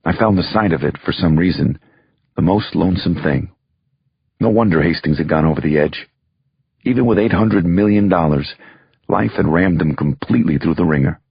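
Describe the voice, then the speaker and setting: A man reads a thriller in a very deep, gravelly, husky voice. The recording is close and dry with a slightly dull tone. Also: normal speed, no echo. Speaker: audiobook narrator. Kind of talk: scripted first-person narration.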